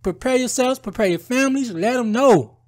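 Guy vlogging, high voice, fired-up rambling rant, lots of "bro". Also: expressive, brisk. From United States. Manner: heated, rambling, says "bro" and "guys" often. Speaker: political commentary vlogger. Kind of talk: casual ranting commentary.

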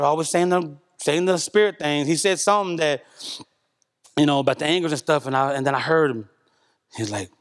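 A church member with a slightly high voice gives an emotional spoken testimony to his congregation during a church service. Recounting a personal spiritual experience, he's earnest and conversational, repeating himself and often saying "man."

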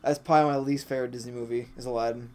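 A man's voice: mid-range voice, fairly even intonation, rapid-fire, a little mellow, slight background noise. A man co-hosting a let's play, giving blunt, crude gameplay commentary. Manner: blunt and crude, with frequent swearing.

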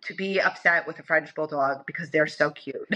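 A woman's voice: sits low, normal speed, pushed and bright, highs cut off. A woman guest in a casual interview, talking in a chatty way full of "like" and "you know". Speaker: interview guest, dog owner.

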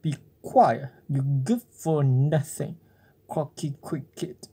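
A cheeky wooden puppet boy talks back with slow, drawn-out defiance, as a storybook reader puts him on. The voice is soft and mellow, never sharp. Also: medium pitch, lively intonation, breathy edge, heavily acted. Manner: cheeky, impatient.

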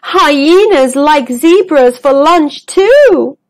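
A woman voicing a nervous young female zebra who talks anxiously and squeakily. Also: animated, very slow, darkish tone, dry recording, exaggerated voice. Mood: whimpering.

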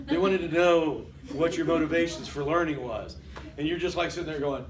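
An older man teaches a college class in a loose, conversational lecture, pausing to ask "Okay?" and to question his students. His voice sits high for a man. He is picked up from a distance in an echoey classroom with a faint hiss behind him. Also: very animated. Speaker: college instructor.

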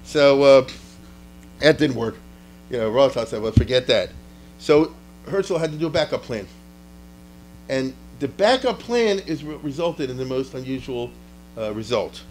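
A man, a rabbi, giving an informal, animated history lecture, often checking with his listeners and acting out quotes from historical figures. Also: medium pitch, a little hiss or hum, low-quality recording. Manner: animated, talks to the class directly and often asks "you get it?"; voices historical figures in quick asides.

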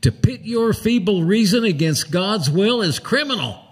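A man's voice: sits high, lively intonation, normal speed, breathy edge, pitched above the performer's own voice. A man doing a stern self-righteous reformer. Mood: condemning. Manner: cold, scolding, unyielding.

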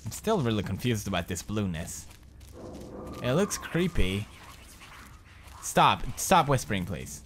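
A man's voice: lowish voice, sing-song, a little slow, pauses often, a bit bright, a little hiss or hum. A young man in his twenties giving jumpy, swearing commentary while playing a horror game. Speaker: gamer commentator.

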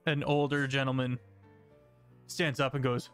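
A man narrating a tabletop game as game master, unhurried, with fillers. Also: medium pitch, level tone, vocal fry, a bit bright, faint music behind.

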